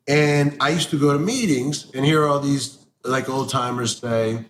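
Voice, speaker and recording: A man of middle pitch gives a candid interview. He talks bluntly, swears freely and is animated. A faint hum of background noise sits under his voice. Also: normal speed, few pauses.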